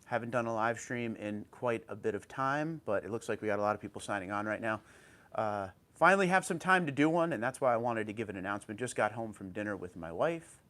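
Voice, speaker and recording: A man's voice: lowish voice, quick pace, a bit bright. A man hosting a casual livestream from home on an old tablet, greeting viewers by name and reading their comments aloud. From New Jersey. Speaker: livestream host.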